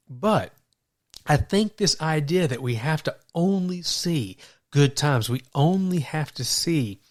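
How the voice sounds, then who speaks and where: A man co-hosting a Christian podcast, telling stories animatedly, stumbling and repeating words as he starts sentences. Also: medium pitch. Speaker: podcast co-host. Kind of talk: faith podcast conversation.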